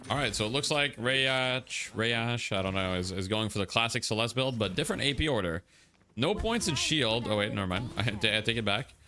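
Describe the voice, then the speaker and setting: A man's voice: medium pitch, lively intonation, moderate pace, bright, forceful tone, soft background music. A man streaming a game and coaching a team, joking and laughing as he chats with viewers and a co-caster. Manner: joking, laughs often, reads out donations. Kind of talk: casual gaming stream chat.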